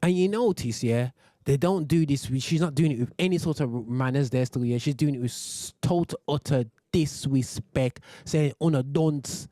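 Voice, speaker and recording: British male host, dark dry voice, heated rant with restarts. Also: moderate pace, dry recording, soft background music. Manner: ranting, many restarts, sudden high exclamations. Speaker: radio show host. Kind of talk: heated commentary on a video.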